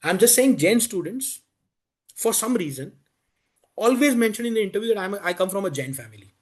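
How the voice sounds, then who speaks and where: Lively Indian man coaching interviews. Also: sits high, fairly quick. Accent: Indian English. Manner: conversational, switches into Hindi, acts out candidate lines. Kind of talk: classroom lecture. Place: coaching classroom.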